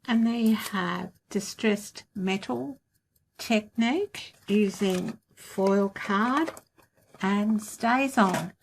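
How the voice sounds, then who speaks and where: Unhurried woman demonstrating a craft. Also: mid-range voice, a little hiss or hum. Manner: calm, practical, talks through each step. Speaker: craft tutorial host.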